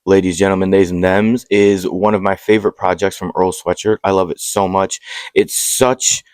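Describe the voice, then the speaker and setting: A young man hosts an album countdown in a loose, excitable way, with swearing and joking asides between entries. His voice sits low, and the recording is dry and close. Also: normal speed, clear, resonant tone, no echo. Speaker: music video host.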